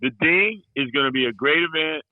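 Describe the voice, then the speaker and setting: A man's voice: fairly high pitch, expressive, brisk, no room sound, narrow, tinny audio. A middle-aged man telling stories in a rambling, folksy way, full of "you know" and playful ribbing. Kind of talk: casual storytelling chat.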